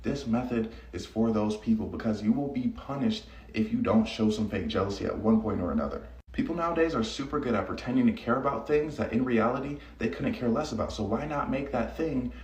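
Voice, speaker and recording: A man's voice: mid-range voice, lively intonation, a little fast, few pauses, darkish tone, reverberant, recorded from a distance. A man delivering a casual advice monologue, cocky and conversational, telling stories from his own dating life.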